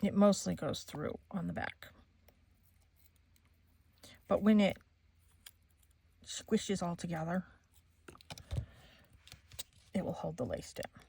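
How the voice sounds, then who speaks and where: A woman's voice: lowish voice, takes it slowly, creaky, pauses often, mellow, husky. A middle-aged woman hosting a crafting channel, chatting casually and laughing often as she tells a story while she works. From Maine, USA.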